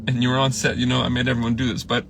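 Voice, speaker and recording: A man's voice: mid-range voice, completely flat delivery, racing, vocal fry, a bit bright, a little hiss or hum. A man telling stories about a late colleague in a casual, rambling way, full of fillers and restarts and emotional at times. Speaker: filmmaker recalling a late colleague. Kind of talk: casual livestream storytelling.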